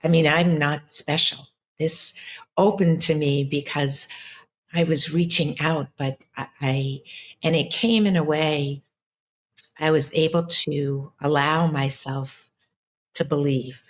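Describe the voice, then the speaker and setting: A woman's voice: deep voice, fairly even intonation, slow. A middle-aged woman, a spiritual coach, telling a personal story in an interview in an earnest, reflective way with many restarts. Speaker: ancestral healer and spiritual coach.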